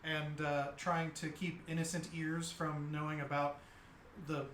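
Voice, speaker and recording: A man narrating a tabletop game as dungeon master, halting and full of fillers. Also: fairly high pitch, flat delivery, a bit bright. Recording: echoey room with faint noise.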